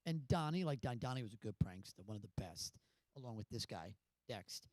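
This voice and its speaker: A man on a panel telling a long, animated story and laughing often. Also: fairly low pitch, brisk, no echo. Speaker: panel guest. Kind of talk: anecdote on a panel.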